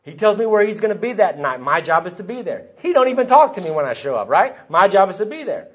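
Husky-voiced man telling his story. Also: high-pitched, big pitch swings, quick pace. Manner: storytelling, voices the people he quotes. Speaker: recovery meeting speaker. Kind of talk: personal testimony talk. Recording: dull lo-fi recording.

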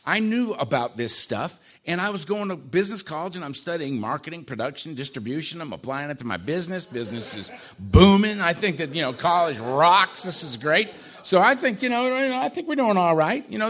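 A man telling his own life story in a casual, conversational way, with dark humor and frequent tag questions. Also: fairly high pitch. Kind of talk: personal testimony talk.

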